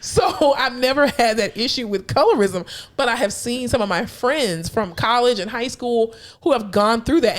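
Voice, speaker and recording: A young woman co-hosting a podcast in casual chat, animated and laughing, with a stuffed-up nose. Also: mid-range voice. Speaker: podcast co-host.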